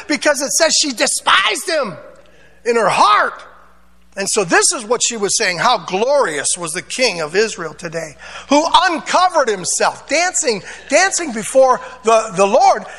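A man's voice: very high-pitched, sharp tone, long reverb tail. A man pastor preaching a sermon, dramatic, acting out voices and drawing amens. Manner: preaching with call-and-response amens; dramatic, acts out voices of Bible figures.

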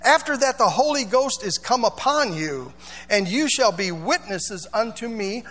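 A man's voice: high voice, lively intonation, a little slow, a bit bright, big-room sound. A male pastor preaching a sermon in a church, chatty and informal, with asides and call-and-response.

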